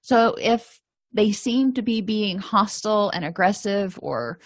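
A counselor gives an informal lecture on empathy in relationships, acting out little quoted exchanges as she goes. Her medium-pitched voice is animated and unhurried, and the recording is dry.

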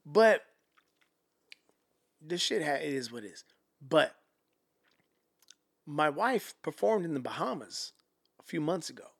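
A man who is a guest on a podcast, telling stories casually in an animated way, swearing freely and acting out quotes. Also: on the high side, unhurried, gravelly, long pauses. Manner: animated, profane, acts out quotes. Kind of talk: casual storytelling.

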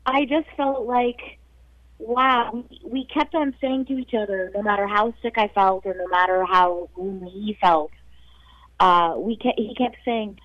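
A woman calling in to a radio show, speaking in a soft, emotional and halting way. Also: mid-range voice, no room sound. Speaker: caller. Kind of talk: casual phone call. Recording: dry, muffled phone line.

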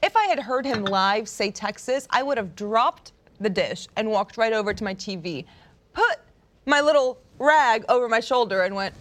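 A woman's voice: a little high, moderate pace. A woman co-hosting a casual sports talk show, playful and jokey, swearing casually.

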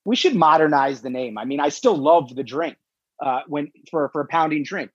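A man chats as a guest on a podcast, relaxed and quick to laugh as he tells a story. His voice is a bit husky, and the recording sounds dull, lo-fi and dry. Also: on the high side, no room sound. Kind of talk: casual chat.

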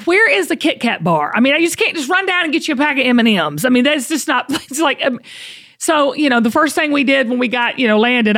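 A middle-aged woman hosting a podcast, chatty and folksy, quick to laugh. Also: high-pitched, fairly bright tone. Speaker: podcast host. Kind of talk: casual chat.

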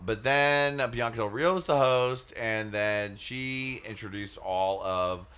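A man co-hosting a podcast in casual chat, playful and quick to put on mock voices. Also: on the low side, smooth. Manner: playful, lively, puts on mock gushing voices. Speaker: podcast co-host.

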